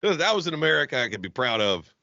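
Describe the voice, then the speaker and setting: A man co-hosting a podcast in casual chat, loud and laughing, swearing a lot. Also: fairly high pitch, very animated, racing, gravelly, no room sound. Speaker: podcast co-host. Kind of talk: casual profane banter. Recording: dull lo-fi dry recording.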